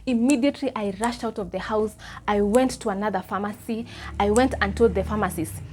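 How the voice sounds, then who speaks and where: A young woman with a Kenyan accent tells a personal story straight to her viewers. Her delivery is animated and chatty, and she drops Swahili phrases into her English. Her pitch sits in a middle range. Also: a little fast, slight background noise. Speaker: vlogger. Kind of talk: casual storytime.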